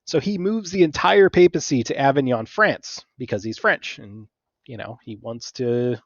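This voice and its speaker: A man gives a relaxed history lecture, chatting his way through the story and slipping into quick voices for the people in it. His audio is dull and slightly lo-fi, in a dry space with no room echo. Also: medium pitch. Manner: conversational, acts out figures in quick asides, many "right?" checks. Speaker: teacher.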